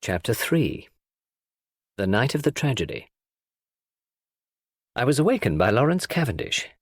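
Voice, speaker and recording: A man narrating a classic novel in a measured storytelling read. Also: mid-range voice, sing-song, breathy edge, no echo, clean studio sound. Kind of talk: audiobook narration.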